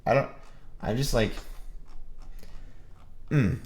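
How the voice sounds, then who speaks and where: A man's voice: medium pitch, slow pace, darkish tone. A sick man casually thinking aloud on a live stream about his music, rambling and self-deprecating. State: sick, with a rough voice.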